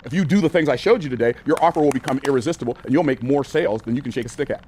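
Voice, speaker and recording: An older man teaching business sales from a whiteboard, energetic and conversational, repeating phrases for emphasis and using casual words like y'all and ain't. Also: medium pitch, very fast, a little hiss or hum. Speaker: business coach.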